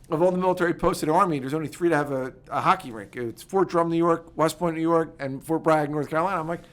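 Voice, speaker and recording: A man, talking as a podcast guest in a quick, animated, filler-heavy way. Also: a little high. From United States. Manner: rapid, animated storytelling with many fillers. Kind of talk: casual interview talk.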